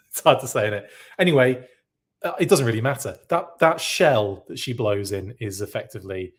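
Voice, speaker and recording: Man, podcast host, casual live news chat, rambling, self-correcting, mid-pitched voice. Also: normal speed, husky.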